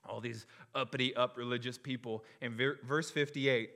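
Bright-voiced animated young male pastor. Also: mid-range voice, normal speed, few pauses. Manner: animated, jokey, acts out crowd reactions. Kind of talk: sermon.

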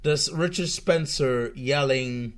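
A man's voice: medium pitch, slow. A man ranting on a live stream in a casual, profane, rambling way, stumbling through many restarts.

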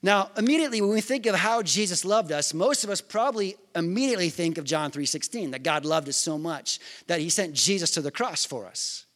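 A man's voice: high voice, animated, fairly quick, hardly any pauses, a bit bright. A man preaching a sermon in a conversational way, asking the listeners questions and acting out scripture scenes. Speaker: pastor.

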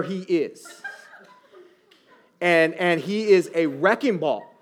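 A man in his thirties preaching a sermon as a pastor, conversational and animated, often asking the listeners rhetorical questions. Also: fairly high pitch, slow pace, long pauses.

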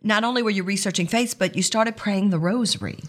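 A woman's voice: medium pitch, brisk. A woman hosting an interview show. She guides the conversation with light, playful asides and a ready laugh. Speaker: host.

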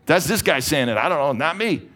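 A middle-aged man preaching a sermon from a church stage, talking energetically and conversationally with quick restarts. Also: on the high side, lively intonation, fairly bright tone. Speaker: pastor.

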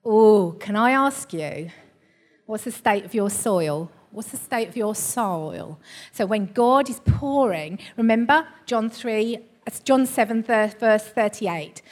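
Animated woman preaching a sermon. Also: on the high side, slow pace. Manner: conversational storytelling with rising emphasis. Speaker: church preacher.

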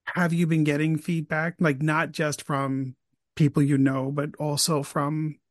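Chatty man with a higher voice, dry sound. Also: little pitch movement, measured pace, dry recording. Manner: chatty, frequent restarts and asides. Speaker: podcast host, interviewer. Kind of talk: casual interview chat.

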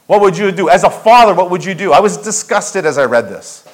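Emphatic high-voiced male pastor preaching. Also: expressive, a little fast, poor audio. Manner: emphatic, rhetorical questions, repeats key phrases. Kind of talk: sermon. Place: church sanctuary.

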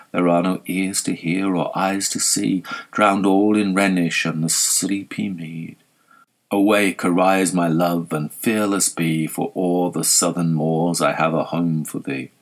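A man's voice: deep voice, steady tone, unhurried. A man reading as an ardent young lover. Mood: tender. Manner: urgent, tender verse. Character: ardent young male lover urging flight.

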